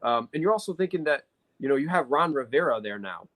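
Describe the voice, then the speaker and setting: A man's voice: medium pitch, animated, quick pace, a bit bright, poor audio. Man, podcast co-host, analytical sports talker, mid-range voice, filler-heavy casual delivery. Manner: analytical, talks at length with many fillers.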